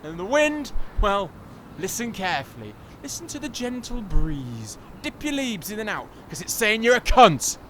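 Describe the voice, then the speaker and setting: A man's voice: high voice, big pitch swings, moderate pace, slight background noise. An actor playing an irate xenophobic man who rants theatrically at a tree in his garden outdoors. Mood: indignant. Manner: theatrical ranting, shouted chants.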